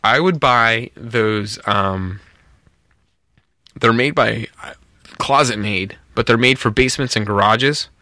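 He speaks slowly with frequent pauses, his mid-range voice captured in clean studio sound without echo. As a North American podcast co-host in casual chat, he rambles through stories and grows lively telling them.

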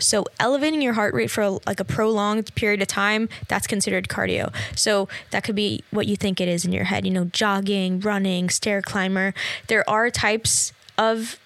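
A woman's voice: mid-range voice, fairly bright tone, dry recording. Chatty young woman, dry close mic. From New York. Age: young adult. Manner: chatty, filler-heavy, lots of "like". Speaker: podcast host and fitness trainer. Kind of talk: casual solo podcast chat. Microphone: close podcast mic.

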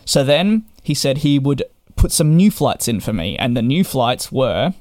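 A man's voice: medium pitch, big pitch swings, measured pace, a little mellow, dry recording, studio quality. A young man tells a frustrated storytime rant to camera. He sounds exasperated and sarcastic. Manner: exasperated and sarcastic, with repeated restarts. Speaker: travel vlogger.

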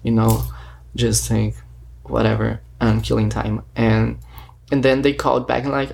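A man's voice: medium pitch, little pitch movement, normal speed, gravelly, darkish tone. A man vlogging to a self-recorded camera, telling a story in a rambling, filler-heavy way and acting out bits of conversations as he goes. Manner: rambling, filler-heavy, retells talks with quoted dialogue. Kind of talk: casual storytelling monologue. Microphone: self-recorded camera or phone.

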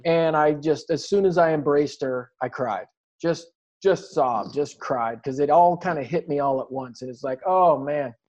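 Earnest man with a higher voice. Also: moderate pace, darkish tone. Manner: earnest, reflective, with frequent restarts. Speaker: guest athlete. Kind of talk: reflective interview storytelling. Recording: dull lo-fi recording.

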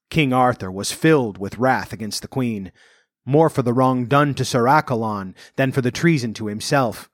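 A man's voice: medium pitch, no room sound, studio quality. Man narrating an old legend. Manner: measured storybook reading. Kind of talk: scripted narration.

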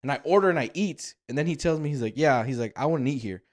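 A young man from Las Vegas hosting a casual podcast chat, telling travel stories with lively, swearing energy. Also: on the high side, fast. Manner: animated storyteller, swears freely. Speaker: podcast host.

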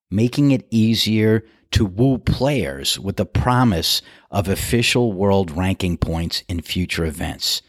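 A middle-aged man with a fairly low voice delivers sports commentary on his podcast. He is opinionated and emphatic, letting his pitch leap on words he wants to stress. The sound is close and dry, with no room around it. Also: no room sound. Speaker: podcast host.

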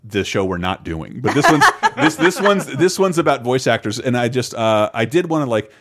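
Podcast host man, lively swooping pitch, rambles, laughs and swears. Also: moderate pace. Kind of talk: casual podcast chat.

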